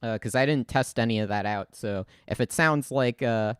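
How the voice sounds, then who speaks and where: A man's voice: medium pitch, normal speed, clean tone, no room sound, studio quality. A young man chatting casually on a livestream, rambling and giggling, with lots of fillers and restarts, into a desk mic. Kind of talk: casual stream commentary. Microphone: desk mic, untested.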